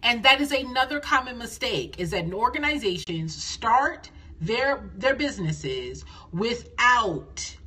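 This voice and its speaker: A middle-aged woman coaching nonprofits on a phone live stream, lively and folksy, repeating phrases for emphasis. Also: on the high side, slow, hardly any pauses, breathy edge.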